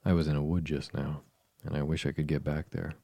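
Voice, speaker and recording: A man voicing a polite but impatient young girl in a storybook reading, with a brisk, slightly cross manner. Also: a bass voice, little pitch movement, vocal fry, mellow, dry recording, full character voice.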